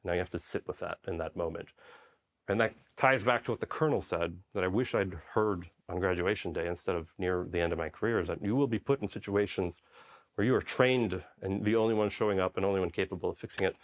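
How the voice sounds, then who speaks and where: A man's voice: low-pitched, quick pace. A middle-aged man from Poland, a former army medic, telling stories in a conversational interview style, often checking in with "right?". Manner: conversational, frequent "right?" and "you know" tags. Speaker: guest, army special forces medic. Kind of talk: interview storytelling.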